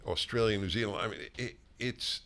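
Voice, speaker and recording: An older man hosting a political talk show conversation, emphatic and halting, with frequent restarts. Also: on the low side, sharp tone. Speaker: host.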